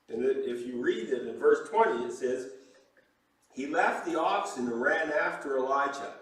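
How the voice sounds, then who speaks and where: A man preaching a sermon as pastor, telling the story with lively acted-out voices for the people in it. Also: mid-range voice, normal speed, very echoey, distant mic, poor audio. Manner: animated storytelling, acting out quoted voices. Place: church sanctuary.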